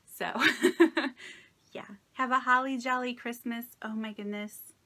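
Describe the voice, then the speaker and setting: Woman from indiana opening a craft swap package, slow gushy talk, bright voice, a bit shaky. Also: a little high, fairly even intonation. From Indiana, United States. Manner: gushing, sentimental, many delighted exclamations. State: unwell and a little shaky. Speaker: craft vlogger. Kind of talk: casual unboxing vlog.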